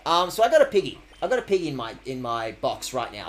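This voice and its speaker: A man's voice: medium pitch, big pitch swings, quick pace. A man casually commentating his game stream in a playful, rambling way, swearing freely. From Australia.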